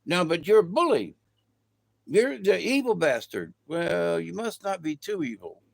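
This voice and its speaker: A man's voice: sits high, very animated, unhurried, creaky, no room sound. A middle-aged man rambling casually in a folksy, colloquial way through a spiritual monologue. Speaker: vlogger.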